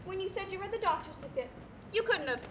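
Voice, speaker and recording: Girl doing a wailing pushy lady, super high voice that jumps all over, noisy stage tape. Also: lively intonation, rapid-fire, fairly bright tone. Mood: pleading. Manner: whiny, pleading, theatrical. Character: distraught pestering woman petitioner, melodramatic. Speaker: stage actor. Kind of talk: live stage play. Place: school auditorium stage. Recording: noisy live stage recording.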